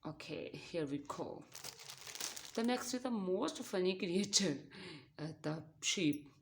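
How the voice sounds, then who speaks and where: A woman with a fairly low voice speaks very slowly as she hosts a children's toy unboxing. She uses simple, broken English and imitates animal sounds between her explanations. A faint noise sits behind her voice. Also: expressive, gravelly.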